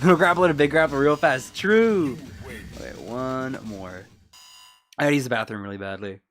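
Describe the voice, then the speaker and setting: A man's voice: medium pitch, expressive, quick pace, fairly bright tone. A man streaming a fighting game, reading chat aloud and joking in a laid-back, casual way. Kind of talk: casual live-stream chat while gaming.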